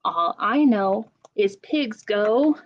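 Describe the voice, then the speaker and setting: A young woman leading a children's story time, asking slow sing-song questions and making playful animal sounds. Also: mid-range voice, expressive. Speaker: children's librarian. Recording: dull lo-fi camera audio.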